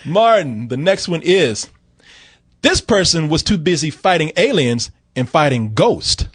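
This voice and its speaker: A man's voice: on the high side, big pitch swings, measured pace, husky, no room sound, clean studio sound. A man running a playful quiz in casual podcast chat, teasing his co-host and laughing often.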